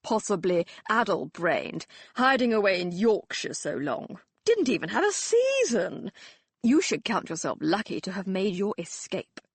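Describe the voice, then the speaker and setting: A woman voicing a drunken, mocking young Victorian gentleman who talks loudly and slurs his words. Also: mid-range voice, big pitch swings, unhurried, slightly rough, no room sound, full character voice. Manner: loud, slurring, teasing.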